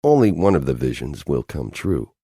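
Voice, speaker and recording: A man's voice: rumbling low, big pitch swings, moderate pace, dark tone, husky, no echo, studio quality, full character voice. A man voicing a cold, commanding male alien agent in an audiobook, speaking in a clipped, exasperated way. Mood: forceful.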